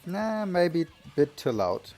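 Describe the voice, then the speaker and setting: A man's voice: fairly high pitch, big pitch swings, a little slow, a little mellow, faint music behind. A man giving live solo commentary on a strategy game, thinking aloud and often correcting himself.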